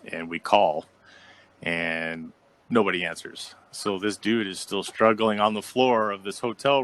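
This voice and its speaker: A fairly low male voice spinning a long anecdote on a casual podcast. He fills in the quotes with sudden high leaps and keeps the telling loose and chatty. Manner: animated storyteller, acts out quotes with jumps in pitch. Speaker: podcast co-host. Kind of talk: casual storytelling chat.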